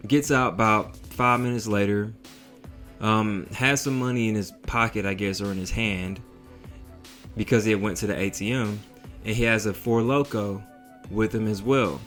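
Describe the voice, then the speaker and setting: A man telling a story in a casual vlog, in a slangy, profane, animated way. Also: fairly low pitch, normal speed, faint music behind.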